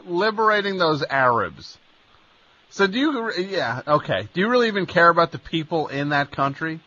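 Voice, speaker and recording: A man's voice: a little high, animated, fairly quick, sharp tone, dry recording, highs cut off. A male radio host talking with a caller in a sarcastic, incredulous way, often stammering. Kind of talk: radio call-in chat.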